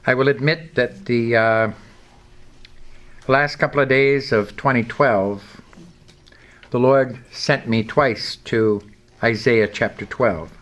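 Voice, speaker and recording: A man's voice: mid-range voice, steady tone, slow, pauses often, a bit bright. A male pastor giving a sermon, reading scripture and leading the congregation in call-and-response. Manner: emphatic preaching, leads call-and-response.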